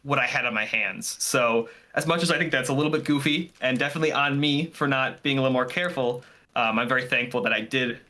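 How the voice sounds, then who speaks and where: A bright, forward-sounding man speaks as a podcast guest in a casual chat. He is earnest and animated, his voice climbing when he gets excited. His pitch sits in the middle of the male range. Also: fast talker.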